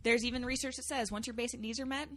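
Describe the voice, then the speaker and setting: A woman's voice: on the high side, steady tone, very fast, fairly bright tone. A woman hosting an interview in an enthusiastic, affirming way. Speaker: host. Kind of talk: interview host chat.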